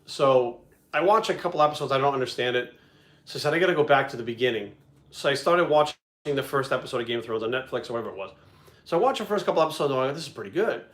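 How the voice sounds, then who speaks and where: A man telling a story in casual chat, animated and full of swearing. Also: mid-range voice, rapid-fire. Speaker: video creator and host. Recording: echoey room.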